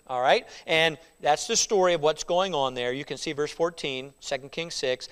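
A man's voice: a little high, fairly quick, a bit bright, clear, resonant tone, in a large hall. A male pastor preaching a sermon in a church, emphatic and conversational with frequent restarts. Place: church sanctuary.

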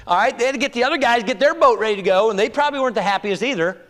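A man preaching an animated sermon, his voice rising to exclamations and then dropping to a hush. His voice is fairly high for a man. The sound rings with long reverb from a large church hall. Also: rapid-fire. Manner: animated, exclamatory, swings between loud and hushed. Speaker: pastor.

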